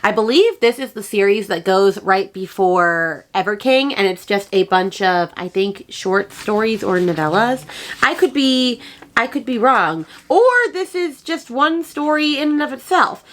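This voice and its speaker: A woman's voice: medium pitch, lively intonation, unhurried, fairly bright tone. A woman book vlogger chatting casually and enthusiastically, gushing and rambling with fillers as she shows her book haul.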